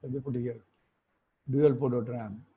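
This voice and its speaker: A man's voice: medium pitch, steady tone, measured pace, slightly rough. A man teaching an online class, explaining things step by step and often checking with tag questions. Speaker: instructor. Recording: phone-like muffled call audio.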